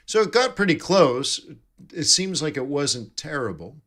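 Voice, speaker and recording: A man's voice: a little high, sing-song, a little slow, fairly bright tone. A man giving live trading commentary, thinking aloud and correcting himself as he reads numbers off charts. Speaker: forex trading streamer.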